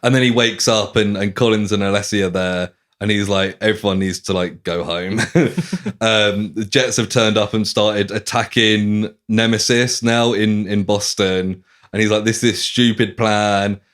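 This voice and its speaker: A man's voice: on the low side, a little slow. A man hosting a podcast, casually retelling a novel's plot and acting out the characters' lines. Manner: animated retelling, acting out lines with swearing and laughs. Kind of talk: casual chat.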